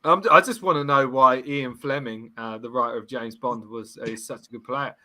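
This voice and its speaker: A man's voice: medium pitch, normal speed. A man hosting a casual football comedy podcast, teasing his co-hosts and telling stories with lots of laughter. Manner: laughing, teasing, animated storytelling. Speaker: podcast host.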